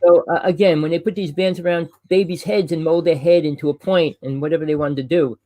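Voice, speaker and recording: Host, man, New Jersey accent, loud rambling talker, slightly high voice. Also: fairly even intonation, no echo. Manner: loud, fast and rambling with restarts. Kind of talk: casual chat.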